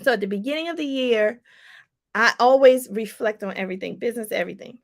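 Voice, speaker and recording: A woman with a high, bright voice coaches her viewers in an animated, preachy way. She keeps addressing them as y'all. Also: quick pace. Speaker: life coach. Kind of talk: motivational livestream talk.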